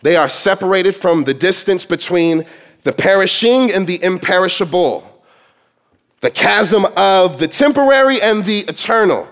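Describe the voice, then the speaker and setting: A man's voice: high-pitched, lively intonation, moderate pace, a bit bright. A man preaching a sermon to his congregation, emphatic and quoting scripture in dramatic voices. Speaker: pastor.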